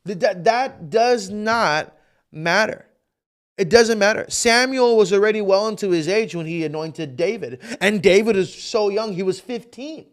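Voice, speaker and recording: A man's voice: sits high, expressive, measured pace. A male pastor preaching a livestreamed sermon with fervent intensity, repeating phrases for emphasis.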